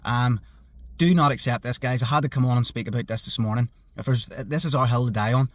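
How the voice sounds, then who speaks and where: A man's voice: medium pitch, fairly quick, dry recording. A man making an earnest, urgent appeal to his viewers, pleading with frequent fillers. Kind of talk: earnest social media appeal.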